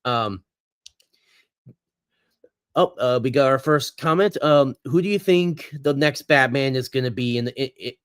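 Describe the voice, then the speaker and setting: A man's voice: medium pitch, dry recording, studio quality. A man hosting a casual livestream chat, rambling and hesitant, with lots of ums and restarts and some laughing at himself. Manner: rambling, hesitant, full of fillers. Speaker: host.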